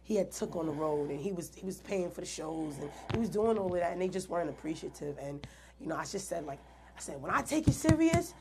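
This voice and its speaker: A woman's low, gravelly voice carries a candid interview story. She talks earnestly and plays out the remembered dialogue, over a faint bed of background noise. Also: fast talker. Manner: earnest, animated retelling with quoted dialogue. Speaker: guest artist.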